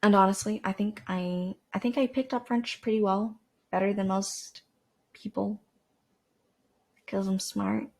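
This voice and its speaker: A woman's voice: mid-range voice, steady tone, unhurried, long pauses, a little mellow. A teenage girl from Canada, rambling casually to camera as a podcast host, with lots of fillers and restarts. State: dry throat.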